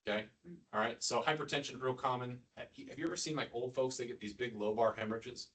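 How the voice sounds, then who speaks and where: A man's voice: mid-range voice, steady tone, fairly quick, fairly bright tone. A man giving a casual, joking neurosurgery lecture to nurses, quizzing the room and tossing in asides. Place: hospital lecture room with an audience. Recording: distant mic, audience murmur.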